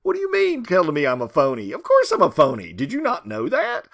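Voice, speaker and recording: A man's voice: huge pitch swings, brisk, exaggerated voice. A man doing a taunting young con man. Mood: mocking. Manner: taunting, loud and high-pitched. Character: brash young male con man, mocking.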